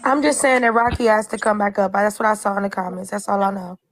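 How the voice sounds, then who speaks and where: A woman's voice: medium pitch, fast talker, slight background noise. A woman on a livestream giving the host direct, instructive pointers.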